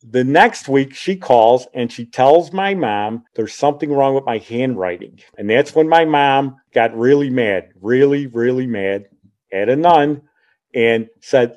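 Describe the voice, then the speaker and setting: A man's voice: medium pitch, lively intonation, measured pace, darkish tone. An older man in his sixties hosts a podcast and tells stories from his own youth. He talks casually and chattily, the way someone would at a kitchen table, and he laughs at his own tales. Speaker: podcast host. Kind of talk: casual personal storytelling.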